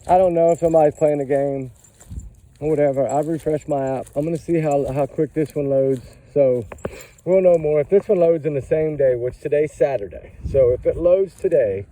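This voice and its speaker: A man's voice: fairly high pitch, dark tone, far from the mic, rough recording. A man in a casual commentary vlog, rambling and impassioned, firing off question after question. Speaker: vlogger.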